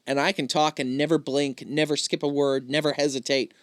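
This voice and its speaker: A man hosting a podcast, telling a story in casual chat, animated and laughing often. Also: on the high side, a little fast, few pauses, dry recording, clean studio sound. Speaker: podcast host.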